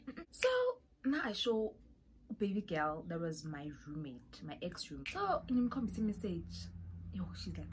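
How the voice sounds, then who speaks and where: A young South African woman with a South African accent, telling an animated storytime vlog and acting out the voices in it. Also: medium pitch, moderate pace, a little hiss or hum. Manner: animated, mixes in Zulu and Xhosa phrases, acts out voices. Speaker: YouTuber.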